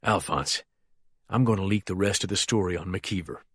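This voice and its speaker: A man reading as a menacing younger male crime boss, speaking low and quietly controlled in an audiobook. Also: moderate pace, breathy edge, no echo. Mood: commanding.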